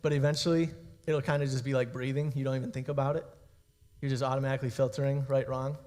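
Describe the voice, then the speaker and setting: A young man gives a youth sermon in a relaxed, chatty style, often checking in with his listeners. His voice sits in a middle range. The sound rings with the long reverb of a large hall. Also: medium pitch, fast talker. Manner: casual, conversational preaching with frequent "okay?" and "guys". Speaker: youth pastor.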